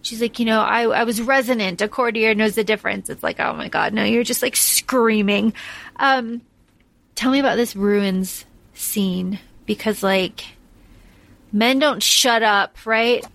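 A woman's voice: on the high side, measured pace, gravelly, a bit bright. A woman co-hosting a podcast, chatting casually about a film, emphatic and swearing freely with lots of restarts. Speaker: podcast co-host. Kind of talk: casual film-discussion chat.

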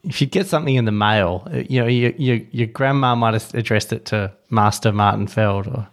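A man chats casually as a podcast co-host. His voice sits on the low side, and he talks in a wry, rambling way, restarting his sentences. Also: fairly quick. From Australia. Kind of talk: casual chat.

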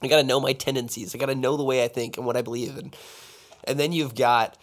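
A man co-hosting a casual conversation, talking with energy in quick excited bursts and laughing easily. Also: mid-range voice. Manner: animated, energetic, fast bursts when excited; laughs and jokes.

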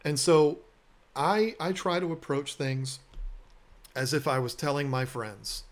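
Unhurried and on the high side, this man hosts a podcast and runs an aquarium business. He chats through stories casually and earnestly, pokes fun at himself, and repeats words whenever he starts over.

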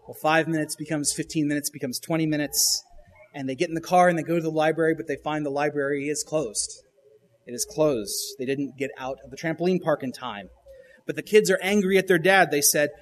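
A man's voice: fairly high pitch, a little fast. A male pastor retelling a children's show episode during a sermon, with frequent restarts and emphatic rises.

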